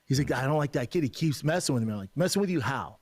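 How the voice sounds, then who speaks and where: A man's voice: mid-range voice, racing. A man telling a casual, profane anecdote on a podcast, acting out the other voices in it. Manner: animated anecdote, acts out quotes, profane. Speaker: podcast guest telling a story. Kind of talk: casual storytelling.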